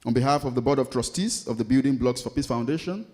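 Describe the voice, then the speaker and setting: A man delivering a formal welcome address at a conference, reading in a measured way. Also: mid-range voice, darkish tone. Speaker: Director General giving welcome address. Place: conference hall.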